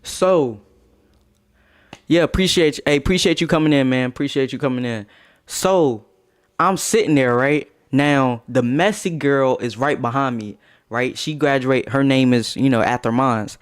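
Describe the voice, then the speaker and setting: A young man streaming a casual storytime, slangy and animated, laughing as he tells it. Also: mid-range voice, normal speed, clean tone.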